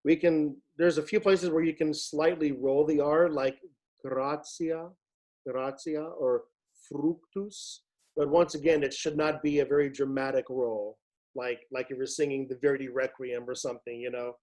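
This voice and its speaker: A man's voice: mid-range voice, level tone, moderate pace, darkish tone. A man directing a virtual choir rehearsal, patiently explaining Latin diction and demonstrating each sound. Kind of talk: online rehearsal instruction.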